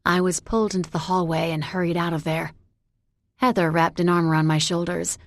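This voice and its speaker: A woman narrating a novel in the first person, measured and introspective. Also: fairly low pitch, flat delivery, no echo. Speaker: audiobook narrator.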